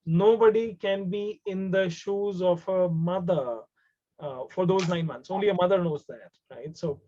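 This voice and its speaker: A man speaking Indian-accented English tells a story in a webinar, his high voice dark-toned and measured in pace. He keeps it conversational, repeating words and lapsing into Hindi. The video call recording is dull and lo-fi with a little hiss or hum.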